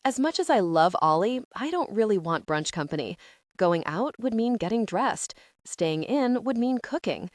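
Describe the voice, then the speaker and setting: A woman giving wry, expressive first-person narration of a romance audiobook. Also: medium pitch, moderate pace, no echo, studio quality.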